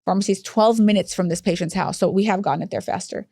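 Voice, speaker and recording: Fast-talking woman telling a story. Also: mid-range voice, dry recording, studio quality. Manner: fast, animated storyteller who acts out dialogue. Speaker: hospice chief operating officer. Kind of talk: podcast interview storytelling.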